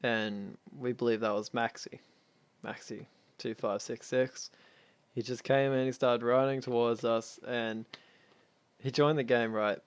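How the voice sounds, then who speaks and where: A man's voice: mid-range voice, fairly even intonation, unhurried, smooth, dry recording. A man casually recounting a gaming clan's history in a rambling, offhand way, chuckling now and then. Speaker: clan founder recounting history. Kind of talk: casual spoken storytelling.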